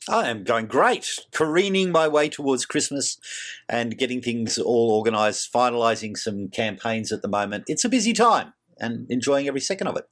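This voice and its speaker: A man's voice: mid-range voice, expressive, moderate pace, a bit bright. A man co-hosting a tabletop game podcast, talking in an upbeat, chatty way. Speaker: podcast co-host. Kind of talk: casual chat.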